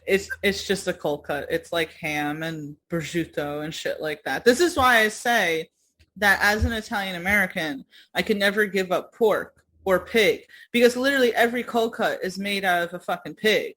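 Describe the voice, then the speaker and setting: New woman, podcast co-host, casual chat, quick laughs, loose swearing. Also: medium pitch, a bit bright, low-quality recording. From New York.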